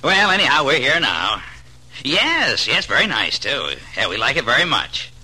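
An actor playing a jittery, eager young bridegroom in an old-time radio drama. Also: male voice, medium pitch, wildly swooping pitch, normal speed, bright, forceful tone, husky, exaggerated voice, poor audio. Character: nervous, eager bridegroom doctor Elwood.

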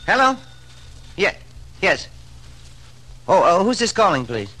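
A relaxed, good-humored grown son who jokes his way through the scene, his voice slightly high and bright. It's an old-time radio play with a faint hiss. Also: slow pace, exaggerated voice, rough recording. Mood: easy.

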